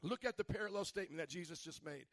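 A male pastor preaching a sermon, asking the congregation questions and building up to shouts. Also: on the high side, expressive, fast, vocal fry, dry recording. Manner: preachy call-and-response questions, rising to shouts.

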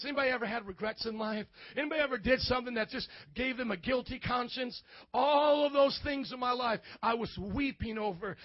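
A man with a very high voice preaches a sermon, calling on the congregation to answer back and building into shouts. The sound is dry and close, with a dull, muffled top end. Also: no echo. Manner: preaching with call-and-response, swelling to shouts. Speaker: pastor. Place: church.

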